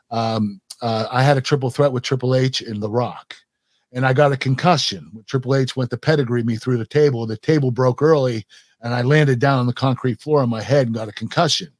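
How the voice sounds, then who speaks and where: A man's voice: medium pitch, no echo, studio quality. A man in his fifties with an American accent, a guest telling stories in a casual interview, laughing often and acting out quoted lines. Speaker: guest, retired pro wrestler.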